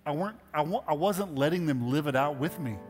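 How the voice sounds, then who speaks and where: A man's voice: fairly high pitch, expressive, fairly quick, a little mellow. A middle-aged man preaching a sermon as pastor, talking conversationally and earnestly and building to emphatic exhortations. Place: church sanctuary. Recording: hall reverb with faint music.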